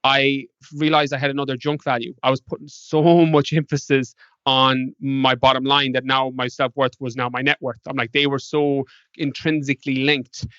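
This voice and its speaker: A man's voice: mid-range voice, flat delivery, moderate pace, fairly bright tone, clear, resonant tone, no room sound. An Irish man, a podcast guest, telling stories in a casual interview and acting out past conversations with animation. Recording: dull lo-fi dry sound.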